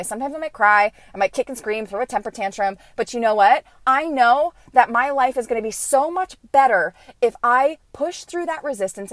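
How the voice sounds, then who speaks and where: A woman's voice: on the high side, no room sound. A woman in her thirties hosting a motivational podcast as a coach, talking in an emphatic, earnest and encouraging way.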